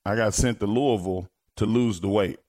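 Lower-voiced male guest, ex-wrestler, lively storyteller who swears freely. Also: moderate pace. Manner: animated storyteller, swears, laughs, acts out quotes loudly. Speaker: guest, former pro wrestler. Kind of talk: casual storytelling on a podcast.

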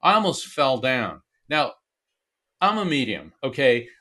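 A man's voice: medium pitch, big pitch swings, measured pace, pushed and bright. A man, a medium and author, telling an earnest personal story as an interview guest, with many restarts. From Florida.

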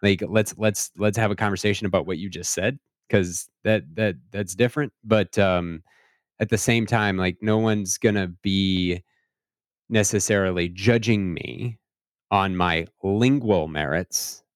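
A male podcast host talking in a reflective way, restarting phrases and slowing down to stress his points. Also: low voice, no room sound, clean studio sound. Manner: reflective, searching for words, repeats himself, slows down to stress points. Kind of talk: casual podcast conversation.

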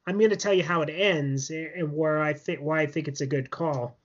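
Here a man co-hosting a podcast rambles through a TV episode recap, leaning on fillers and laughing along the way. He speaks a little fast in a higher voice with fairly even intonation, over dull, lo-fi audio.

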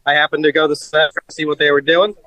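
A man giving a hurried, excited account on a live stream, played as a clip. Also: on the high side, dry recording, low-quality recording. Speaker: activist streamer stopped by police.

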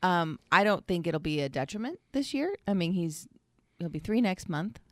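A woman's voice: on the low side, lively intonation, moderate pace, fairly bright tone, no room sound, clean studio sound. A woman co-hosting a podcast in casual chat, amused and agreeable and laughing easily. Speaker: podcast co-host.

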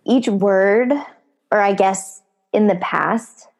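A young adult woman, a running coach and host, talking in a slow, reflective way and softly repeating phrases in casual conversation. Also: medium pitch, vocal fry.

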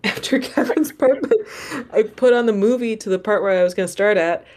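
A woman's voice: medium pitch, brisk, darkish tone, slight background noise. A woman hosting a podcast, chatting casually and with amusement about a movie and asking questions. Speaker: podcast host. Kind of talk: casual chat.

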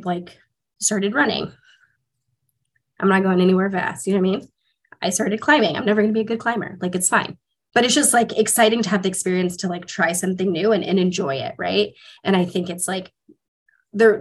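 A woman's voice: mid-range voice, breathy edge. Chatty woman telling stories, peppered with "like". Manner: animated storytelling, heavy use of "like", swears freely. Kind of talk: casual chat.

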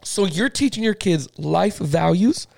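A man co-hosting a casual sports podcast, an animated, profane storyteller who keeps saying "listen to me". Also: high voice, unhurried, vocal fry, no echo, studio quality. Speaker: podcast co-host.

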